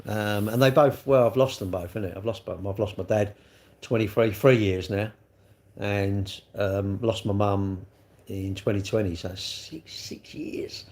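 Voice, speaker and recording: A man's voice: fairly low pitch, fairly even intonation, a little slow, darkish tone. Middle-aged guy on a live stream, rambling chat with lots of "isn't it?", answering comments. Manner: rambling, chatty, full of tag questions. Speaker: livestreamer.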